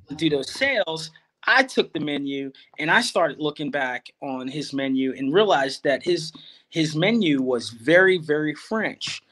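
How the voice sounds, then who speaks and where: Chatty man telling a story. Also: fairly high pitch. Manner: rambling, with many fillers and restarts, animated when quoting others. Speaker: guest farmer. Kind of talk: conversational storytelling.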